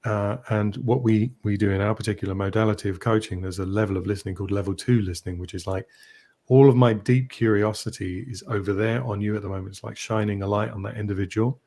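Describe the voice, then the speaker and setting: A man working as a coach, explaining ideas in a relaxed, easy-laughing way on a podcast. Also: on the low side, fast talker. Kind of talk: podcast conversation.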